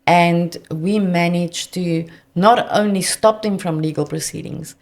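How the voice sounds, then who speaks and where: A South African woman, a debt counsellor guest, telling earnest, animated client stories in conversation. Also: lowish voice, unhurried. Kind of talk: conversational storytelling.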